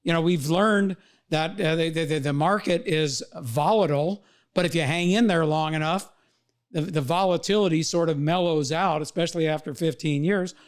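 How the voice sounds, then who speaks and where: An older man with a fairly high voice speaks plainly and folksily in a podcast chat. He trips over repeated small words now and then but keeps an easy, conversational tone. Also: moderate pace. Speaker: podcast co-host, veteran financial advisor. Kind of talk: casual conversation.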